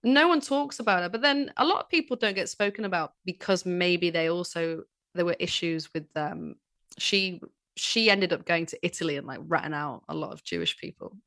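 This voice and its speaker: A woman's voice: lowish voice, moderate pace, no room sound, studio quality. A woman with a Manchester accent, chatting enthusiastically as a podcast guest about history. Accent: Northern English, Manchester. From Manchester, England. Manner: enthusiastic, animated storyteller. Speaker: guest author. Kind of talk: casual podcast chat.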